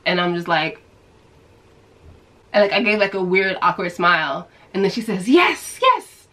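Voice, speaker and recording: A woman from New York telling a story to her viewers in a casual, animated way, acting out the people she quotes. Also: on the low side, normal speed, poor audio. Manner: animated storyteller who acts out quoted voices. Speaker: vlogger.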